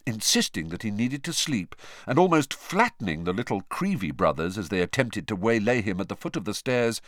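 A man reading an audiobook aloud in expressive, storytelling narration. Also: medium pitch, dry recording, clean studio sound. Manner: expressive storytelling with lively intonation. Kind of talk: scripted narration.

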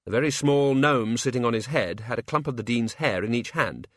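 A man narrating a comic fantasy audiobook in an even, measured storytelling voice. The recording is close and dry, with a plain middle pitch. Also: no room sound. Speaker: audiobook reader. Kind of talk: scripted narration.

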